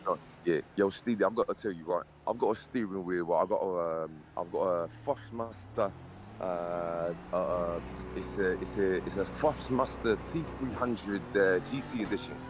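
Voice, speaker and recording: A man's voice: deep voice, normal speed. A man in casual banter, rambling and slangy, calling everyone mate and brother, putting on a British-style accent. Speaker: guest in voice chat. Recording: voice chat with clear background noise.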